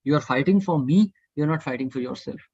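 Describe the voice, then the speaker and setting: A man teaches a devotional scripture study class in an earnest, provocative way, repeating his points to push listeners to think. His voice is husky and sits a little high. The sound is dry and muffled, like an online call. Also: brisk, darkish tone, dry recording. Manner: earnest, provocative, repetitive urging. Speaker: study group speaker.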